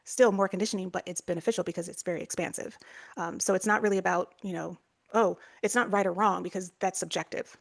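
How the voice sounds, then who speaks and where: A woman's voice: fairly low pitch, fairly even intonation, fast talker, creaky. A woman co-hosting a podcast, explaining ideas in a casual, chatty way with lots of fillers and restarts. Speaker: podcast co-host.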